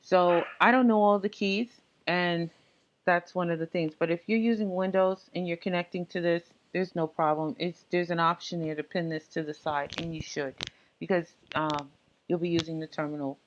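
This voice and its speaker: A woman giving a casual tech tutorial, explaining setup steps in a relaxed, halting way with frequent fillers. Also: lowish voice, dull audio, slight background noise. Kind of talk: casual screen-recorded walkthrough.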